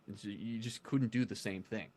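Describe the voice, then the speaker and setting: A man's voice: fairly low pitch, steady tone, moderate pace, a little mellow. Chatty man explaining fan theories. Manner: chatty, restarts, explains at length. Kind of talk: casual fan discussion.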